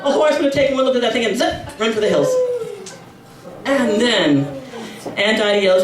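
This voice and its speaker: A middle-aged woman performing a brash stand-up comedy routine, now and then breaking into shrill squealing voices for her relatives. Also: lively intonation, moderate pace, far from the mic. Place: comedy club. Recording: echoey club room, mic heard from afar, audience laughter. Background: crowd laughing.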